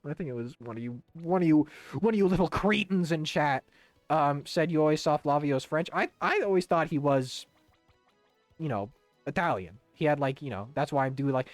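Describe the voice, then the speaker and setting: A man's voice: on the high side, sing-song, fairly quick, no echo, soft background music. A young man casually streaming a video game, rambling, swearing and humming to himself. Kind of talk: casual gaming stream chat.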